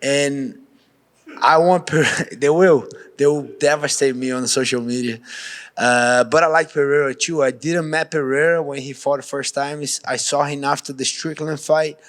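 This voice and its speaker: A Brazilian-accented man, a professional fighter, fields questions at a pre-fight media interview, talking frankly and casually and often restarting his sentences. His voice is on the high side and a bit bright, with fairly even intonation and normal speed.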